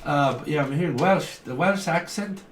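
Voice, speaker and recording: A man's voice: fairly high pitch, normal speed, distant mic. A man gives a loose, joking tarot reading that wanders from thought to thought. He sits some way back from the mic, so his voice comes across roomy and echoey. A faint hiss of noise sits under it. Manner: rambling, jokey, chuckles between thoughts. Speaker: tarot reader. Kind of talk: casual tarot reading to camera.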